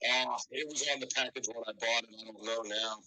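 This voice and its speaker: A man guesting on a live stream, chatting casually with dry, deadpan humor. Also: medium pitch, a little fast, crowd noise, low-quality recording. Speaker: guest podcaster.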